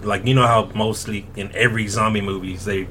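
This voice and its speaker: A man hosting a podcast, telling a story in a rambling, halting way with frequent laughs. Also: fairly low pitch, fairly even intonation, bright, forceful tone, slight background noise. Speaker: podcast host. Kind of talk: casual chat.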